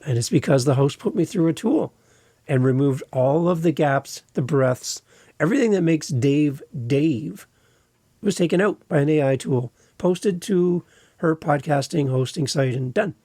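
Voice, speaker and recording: A man with a Canadian accent, hosting his own podcast in a conversational, expressive way with deliberate pauses. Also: on the high side, no room sound, clean studio sound. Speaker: podcast host and editor. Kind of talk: solo podcast talk.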